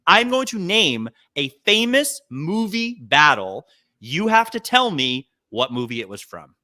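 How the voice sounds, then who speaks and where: Lively, bright-voiced man telling stories. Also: a little slow. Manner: animated storyteller, swings between loud and low asides. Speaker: podcast co-host. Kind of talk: casual comedic chat.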